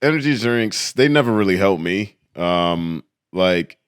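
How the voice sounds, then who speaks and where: A man's voice: low voice, animated, unhurried, smooth, no room sound, studio quality. A young man, a podcast guest, telling stories in a laid-back, slangy way and acting out quotes. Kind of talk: casual chat.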